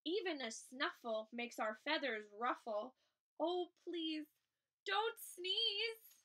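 A woman's voice: high-pitched, expressive, slow, bright, forceful tone, exaggerated voice. Picture-book bird flock, fretful and pleading, voiced by a woman reader. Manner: pleading, rhyming.

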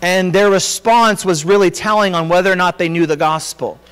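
A pastor with a high voice preaches an earnest sermon, sometimes restarting his sentences and filling pauses. His voice rings out in a church sanctuary with a long reverb tail. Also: fairly bright tone, clear, resonant tone.

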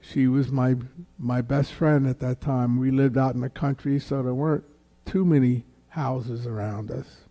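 A man telling a personal faith story before a church gathering, his voice deeply mellow and warm-toned. He takes his time, speaking slowly and letting the story unfold. He lifts his voice when he acts out what others said. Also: steady tone. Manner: slow, unhurried storytelling that raises the pitch for quoted voices.

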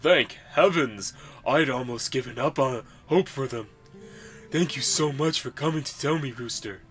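A gushing, heartfelt village woman voiced by a man who keeps his own low register. Warm thanks pour out at an unhurried pace. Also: soft background music, lightly acted. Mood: relieved.

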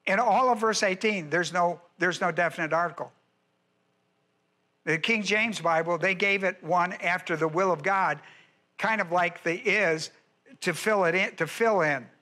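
A male pastor with a high, bright voice teaches scripture point by point. He presses each point hard, repeating phrases and asking whether his listeners follow. It has the steady drive of a classroom-style sermon. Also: measured pace. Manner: emphatic, repeats key phrases, quizzes listeners. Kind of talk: verse-by-verse Bible teaching.

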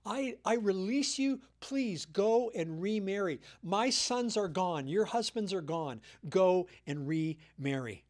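A man voicing a grieving older widow who pleads haltingly with her daughters-in-law, told within a sermon. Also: high voice, expressive, darkish tone. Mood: pleading.

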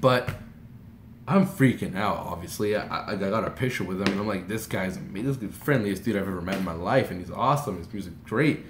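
A young man from Texas excitedly retelling a personal story as a vlogger, rambling and animated with lots of "like" and restarts. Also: low voice, brisk, a little hiss or hum. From Texas, USA. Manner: rambling and animated, heavy use of "like", frequent restarts. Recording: roomy echoey room.

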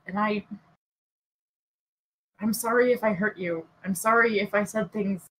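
A bashful young paladin, voiced by a woman, who stumbles over his words and speaks with sincere, hesitant care. His voice is slightly husky and sits at an ordinary pitch, with nothing theatrical about it. It sounds like a player speaking in character at a tabletop game. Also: steady tone, a little slow, a bit bright, rough recording. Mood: earnest. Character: earnest young male paladin, awkward and tender.

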